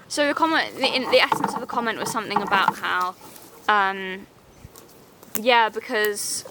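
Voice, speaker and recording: A woman's voice: medium pitch, animated, moderate pace, heavy background noise. A woman vlogger talking straight to camera in a rambling, exasperated way, full of fillers and restarts, answering comments. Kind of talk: casual vlog chat.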